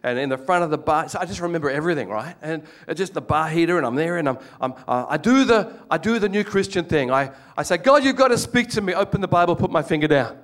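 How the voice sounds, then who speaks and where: Speaking fast with few pauses, an older Australian preacher uses a slightly high voice to deliver his sermon. He tells animated, joking stories and imitates the voices of the people he quotes.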